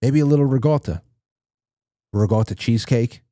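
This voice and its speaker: A man's voice: mid-range voice, moderate pace, dark tone, dry recording, studio quality. A man hosting a live show, chatting casually and candidly with his audience, rambling and swearing now and then. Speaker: podcast host. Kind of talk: casual livestream chat. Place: dim small studio room.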